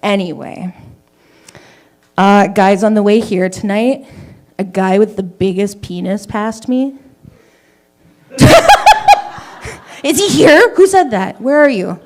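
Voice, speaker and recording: A woman's voice: medium pitch, slow, long pauses, a little mellow, slight background noise. A woman doing an open mic stand-up set, telling a story in a loose, conversational way with swearing and self-deprecating asides. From Canada. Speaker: stand-up comedian. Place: small comedy venue with live audience.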